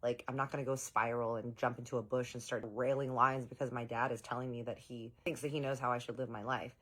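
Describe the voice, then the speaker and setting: A man's voice: medium pitch, level tone, quick pace, fairly bright tone, pitched below the performer's own voice, close to an everyday voice. A woman voicing a weary young man who speaks in a subdued, apologetic way.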